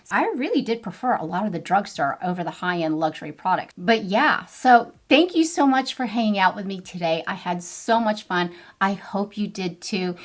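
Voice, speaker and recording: A middle-aged woman vlogging a chatty makeup review to camera, bubbly and playful with frequent exclamations. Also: lowish voice. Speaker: beauty vlogger.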